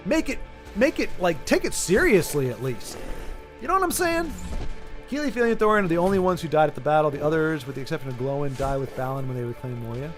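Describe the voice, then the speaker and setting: High-voiced guy ranting on stream, lots of restarts, soft music behind. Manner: animated, ranting, self-interrupting. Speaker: streamer host. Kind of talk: casual livestream chat.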